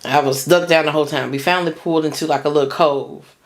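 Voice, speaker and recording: A woman's voice: low-pitched, fairly even intonation, fast talker. Young woman telling her story, casual and rambly, lots of "like". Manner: rambling, full of fillers and restarts, slangy.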